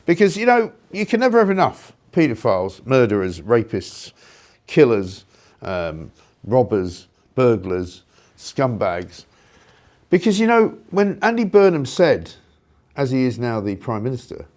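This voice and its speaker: A man hosting a live talk show, delivering a sarcastic, indignant opinion rant with loud outbursts. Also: on the high side, very animated, normal speed.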